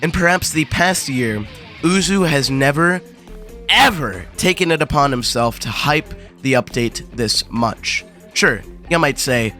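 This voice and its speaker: A man's voice: fairly high pitch, lively intonation, measured pace, bright, forceful tone, faint music behind. A young man hosting a gaming video, delivering sarcastic, crude commentary full of profanity and mock drama.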